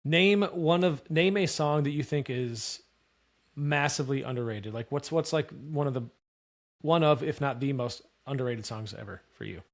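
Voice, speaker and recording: A man's voice: medium pitch, normal speed. Laid-back curious man. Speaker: podcast co-host. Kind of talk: casual podcast chat.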